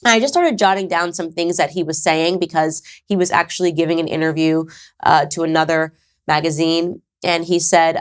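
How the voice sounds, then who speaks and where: A woman's voice: low-pitched, fairly even intonation, moderate pace. Emphatic woman hosting a commentary show. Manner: emphatic and conversational, with sarcastic asides. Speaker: podcast host. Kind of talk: casual commentary to camera.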